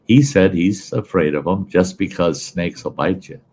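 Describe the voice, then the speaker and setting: A man telling a folksy story in casual, animated style as a show host. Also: sits low, moderate pace, a little hiss or hum. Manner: folksy, animated yarn-spinning.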